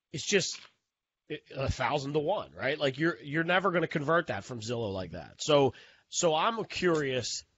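A man's voice: mid-range voice, a bit bright, breathy edge, muffled recording. A man co-hosting a podcast, blunt and profane, rambling and restarting as he asks a question. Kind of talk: casual podcast chat.

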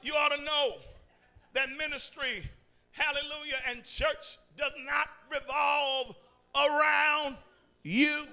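A man preaching a sermon as guest pastor in a church, shouting call-and-response lines broken by frequent "uh" pauses. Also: very high-pitched, fairly even intonation, gravelly. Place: church sanctuary.

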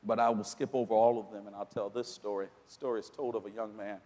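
A man preaching a sermon, climbing dramatically toward near shouts at his points of emphasis. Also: on the low side, little pitch movement, fast talker, long reverb tail. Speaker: pastor. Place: church sanctuary.

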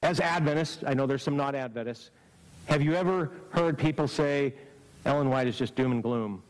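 A man delivers a camp-meeting sermon at a moderate, ordinary pitch for a man. His tone is earnest and exhorting. He keeps turning to the congregation with rhetorical questions. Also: moderate pace, rough recording. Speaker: preacher.

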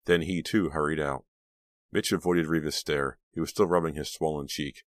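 Very deep-voiced male audiobook narrator. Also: steady tone, moderate pace, no echo, clean studio sound. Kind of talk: scripted narration.

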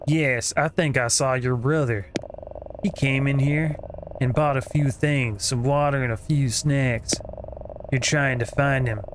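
A cautious, helpful gas station clerk with a put-on accent, as a gamer reads him out, speaking slowly and deliberately at an ordinary middle pitch. Clear game sounds run underneath the voice. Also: male voice, background noise, lightly acted. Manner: puts on an unnamed accent, slow deliberate delivery.

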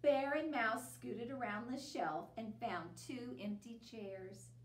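A woman reading a children's picture book aloud as a library storyteller, with lively expression. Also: fairly high pitch, slow pace, echoey room, distant mic.

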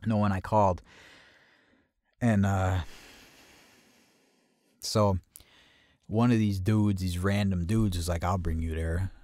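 A man's voice: no echo, clean studio sound. A man telling a personal story in casual first person, cursing freely and often restarting his sentences. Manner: profane, with frequent restarts and repeated words; grows louder and higher at tense moments.

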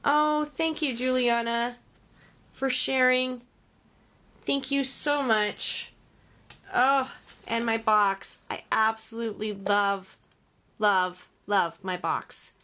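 Gushing, sighing woman with a slow drawl. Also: a little high, steady tone, pushed and bright. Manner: gushing, exclamatory, often sighing. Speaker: crafting vlogger. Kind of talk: casual unboxing chat.

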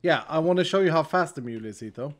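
A man's voice: a little high, expressive, fast talker. A man from Sweden with a Swedish accent, chatting casually and laughing often while he plays a game over voice chat. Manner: laughs often, playful and teasing. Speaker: streamer and host.

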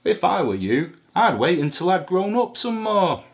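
A man's voice: sits high, big pitch swings, moderate pace, voice pushed up. A man voicing a big, wise mother elephant in a storybook reading, soothing and kind.

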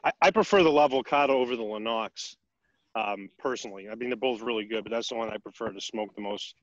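A man co-hosting a podcast in casual chat, quick and chatty. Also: medium pitch, no room sound, dull audio. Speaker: podcast co-host.

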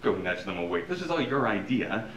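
A man voicing a weary, gentle old Santa Claus who speaks slowly and somberly. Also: mid-range voice, very animated, slight background noise. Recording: echoey room from far off.

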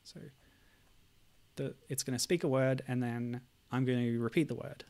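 A man's voice: mid-range voice, steady tone, moderate pace, darkish tone. A man streaming and chatting casually about games, hesitant and full of ums. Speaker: game streamer.

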